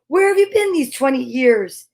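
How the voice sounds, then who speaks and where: Old village woman, over 60, woman reading, tottering, cries out loud and emotional, storybook tone. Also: sits high, animated, normal speed. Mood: crying out. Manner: crying out, raised and emotional.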